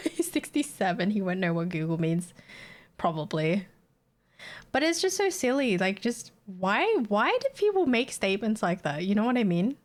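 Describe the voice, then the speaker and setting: A woman's voice: mid-range voice, big pitch swings, normal speed. A young Australian woman with an Australian accent, chatting casually with her stream viewers in a blunt, sweary way and laughing often.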